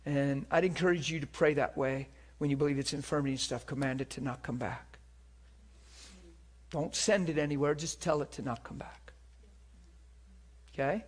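A man preaching a sermon, moving between hushed, whispered moments and loud, impassioned stretches. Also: on the high side, normal speed, pauses often, husky.

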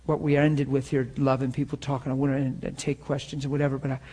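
A man's voice: mid-range voice, flat delivery, quick pace, mellow. A man, a pastor, giving an informal sermon to students in a room and online, telling personal stories in an earnest, conversational way before closing in prayer. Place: room with students present, also streamed online.

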